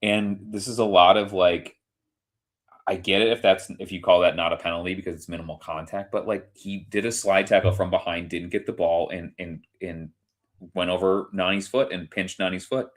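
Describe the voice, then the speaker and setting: A man with a very deep voice co-hosts a casual football podcast. He rants with heat and swears freely, piling up his points. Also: fairly even intonation, moderate pace. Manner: heated ranting, swears freely, acts out others in quoted bits. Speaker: podcast co-host. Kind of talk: casual sports chat.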